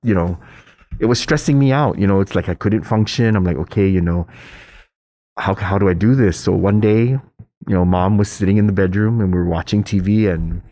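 A middle-aged man telling a personal story in casual chat, hesitant with restarts, then animated as he acts out voices. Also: moderate pace. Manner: animated storyteller, acts out quoted voices with high pitch jumps; hesitant, many restarts and fillers.

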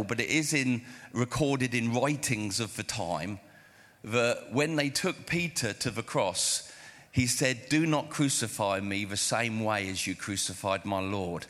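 A man preaching a sermon in a church hall, his mid-pitched voice ringing with long reverb. He tells stories with animation and acts out the dialogue, shifting between voices. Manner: animated storytelling, acting out dialogue. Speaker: pastor.

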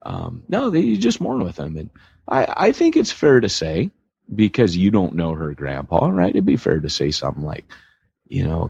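Deep husky man telling stories. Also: moderate pace, no room sound, highs cut off. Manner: animated storytelling, lots of fillers. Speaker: podcast host. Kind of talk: casual podcast chat.

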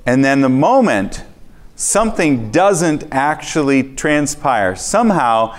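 A male preacher with an ordinary middle-pitched voice relays a personal testimony to his congregation. He tells it as a lively story, slipping into his own reactions and dialogue as he goes. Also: slow pace. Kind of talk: sermon testimony.

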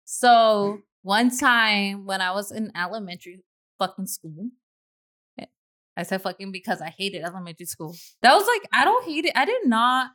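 A woman's voice: mid-range voice, very animated, moderate pace, fairly bright tone. A woman hosting a casual podcast chat, telling a story bluntly and swearing freely. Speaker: podcast host.

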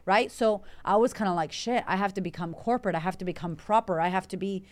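A woman from Puerto Rico, a confidence coach hosting an Instagram live Q&A, talking in a brash, energetic way full of swearing while she answers viewer comments. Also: mid-range voice, fast talker. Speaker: confidence coach and podcast host.

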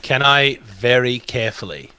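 A man's voice: medium pitch, animated, moderate pace, bright, forceful tone, clear, resonant tone. A man playing a tabletop game, playful and laughing as he plans. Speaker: player. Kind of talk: casual game play.

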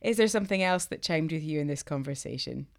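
A woman co-hosting a podcast, reading the outro in a friendly, clear way. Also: low-pitched, lively intonation, quick pace. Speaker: podcast co-host.

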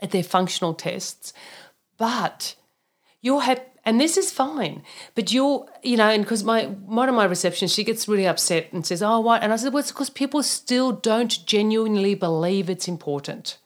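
A woman co-hosting a casual podcast, a practitioner who tells client stories in an animated, blunt way with mild swearing. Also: medium pitch, normal speed. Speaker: naturopath, podcast co-host.

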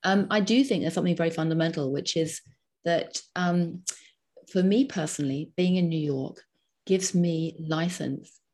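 A woman in her fifties speaks in a low, slightly husky voice. She talks as an interview guest, stringing short phrases together with frequent ums and an animated push. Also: normal speed. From Britain. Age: 50s. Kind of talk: conversational interview.

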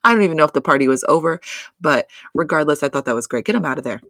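A woman's voice: low voice, lively intonation, rapid-fire, a bit bright, no echo, clean studio sound. A woman recapping a reality show in a chatty, filler-heavy way, with exclamations and swearing. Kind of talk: casual recap chat.

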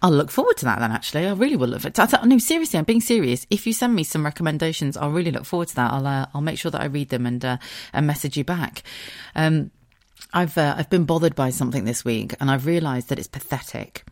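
A woman with a notably low, deep-set voice chats on her own podcast. She is candid and sweary, and pokes fun at her own quirks as she talks. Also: expressive, fast talker, a little mellow. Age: adult. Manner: candid, self-mocking, sweary. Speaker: podcast host. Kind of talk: casual solo podcast chat.

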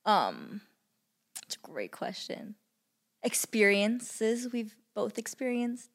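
A seventeen-year-old girl co-hosting a casual podcast, teasing in a dry, deadpan way. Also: on the high side, slow pace. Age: teens. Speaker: podcast co-host. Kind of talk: casual chat.

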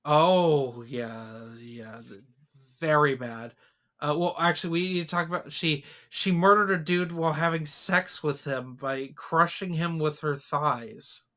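A man co-hosting a podcast, giving opinionated, animated views in a casual film discussion. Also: a little high, a little slow. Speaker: podcast co-host.

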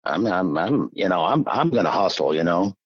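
Deep, husky, lively-voiced man. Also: moderate pace, no room sound, muffled recording. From Iowa, USA. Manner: animated, folksy, acts out quoted voices. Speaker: interview guest. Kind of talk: casual storytelling.

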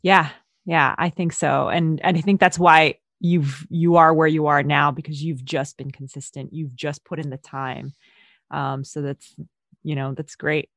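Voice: medium pitch, level tone, measured pace, a bit bright, dry recording. An interviewer with a mid-range voice chats in a casual, eager way, affirming the guest and leaning on "like". The recording is dry and close. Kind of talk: casual chat.

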